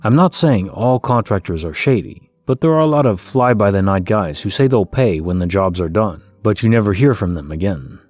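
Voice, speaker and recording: A man with a fairly low voice reads a first-person story in a calm, soothing, scripted way meant to lull listeners to sleep. Soft music sits faintly underneath his narration. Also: moderate pace, few pauses, no echo. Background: faint background music.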